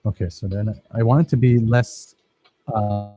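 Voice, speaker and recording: Man, filmmaking teacher, casual workshop talk, dark mellow tone, somewhat low pitch. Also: fairly even intonation, unhurried, low-quality recording. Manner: enthusiastic, rambling, praises students.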